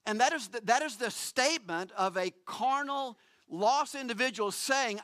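A man's voice: very high-pitched, moderate pace, sharp tone. A man preaching a sermon, emphatic and repetitive, acting out quoted lines.

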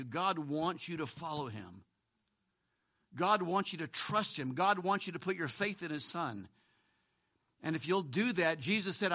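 A pastor preaches a conversational sermon, swinging between loud emphasis and hushed lines, with asides and chuckles. His voice is fairly high.

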